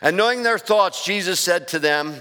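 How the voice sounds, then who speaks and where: A man's voice: high-pitched, moderate pace, sharp tone. A male pastor preaching a sermon, asking the congregation questions and building emphasis. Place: church sanctuary. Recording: long church reverb.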